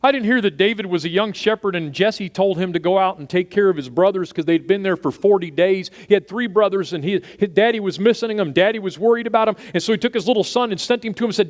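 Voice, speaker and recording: A middle-aged pastor from Texas preaching a sermon, swinging between loud punchy asides and quiet storytelling. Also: male voice, high voice, quick pace, few pauses.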